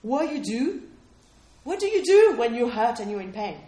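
High-voiced woman preaching in a roomy space. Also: sing-song, moderate pace, mellow. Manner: conversational, keeps checking in with "okay?" and questions to listeners. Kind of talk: sermon. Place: room with a small responding audience.

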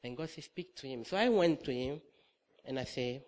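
A middle-aged man preaching a sermon, telling a personal story with lively acted-out dialogue and frequent laughter. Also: medium pitch, normal speed. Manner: animated storytelling, acts out dialogue, laughs often.

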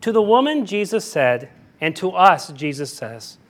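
Male preacher, high-pitched, animated and emphatic sermon delivery with frequent restarts. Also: a little slow. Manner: animated, emphatic, repeats himself with "I mean". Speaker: pastor.

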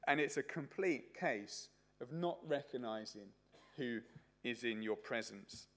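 Fields: Man, chatty preacher, middle pitch. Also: animated, measured pace, a bit bright. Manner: chatty, anecdotal, with many fillers. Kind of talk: sermon. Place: church service.

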